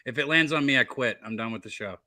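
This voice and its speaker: A man's voice: medium pitch, fast, bright, forceful tone, no room sound. A man co-hosting a podcast, chatting and teasing with crude humor. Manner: joking, crude banter. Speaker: podcast co-host. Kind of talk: casual chat.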